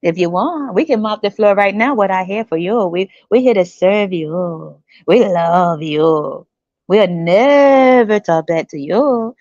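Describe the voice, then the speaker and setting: A woman voicing sugary, submissive foreign women wooing men, in a slow sing-song. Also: medium pitch, lively intonation, mellow, no room sound. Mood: syrupy, fawning. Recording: dry, slightly dull recording.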